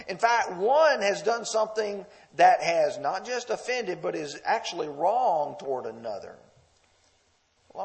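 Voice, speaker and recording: Guy preaching a sermon, pretty high voice, swings up and down a lot, gets pushy and emphatic. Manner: emphatic and confrontational at times; leads the listeners through texts verse by verse.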